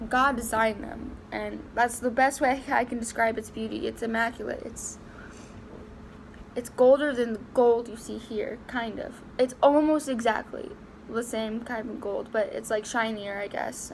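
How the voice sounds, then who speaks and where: A young woman vlogging a personal story to camera, halting and emotional, close to tears, with many fillers and restarts. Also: fairly high pitch, gravelly, a little hiss or hum.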